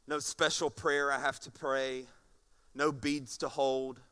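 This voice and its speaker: A man preaching a sermon as pastor, animated and often repeating words. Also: mid-range voice, slow, smooth.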